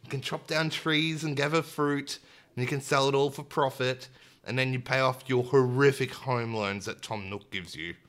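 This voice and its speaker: Young aussie guy on a gaming podcast, bright forward voice, chatty and upbeat. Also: mid-range voice, fairly even intonation, moderate pace. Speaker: podcast co-host. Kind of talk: casual chat.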